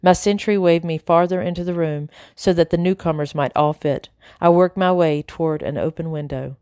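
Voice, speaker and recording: A woman narrating a novel in the first person, measured and unhurried. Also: on the low side, steady tone, darkish tone, clear, resonant tone, no echo, clean studio sound. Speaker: audiobook narrator.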